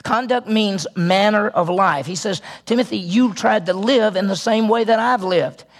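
A man's voice: high voice, normal speed. A man preaching a sermon as pastor, earnest and emphatic, often repeating and correcting himself mid-sentence.

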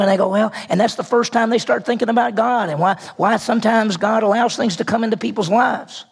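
Male pastor, husky and raspy tone, sermon storytelling. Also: high voice. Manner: storytelling with acted-out voices, rhetorical questions.

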